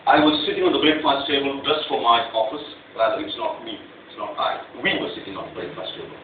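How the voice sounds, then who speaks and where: A man's voice: mid-range voice, fast talker. A man giving a prepared club speech, telling a story and acting out the outbursts in it. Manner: animated, acts out quoted outbursts. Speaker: club speaker. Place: meeting room. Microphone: clip-on mic, distant recorder. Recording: very echoey, far off, phone-like and tinny, faint hiss.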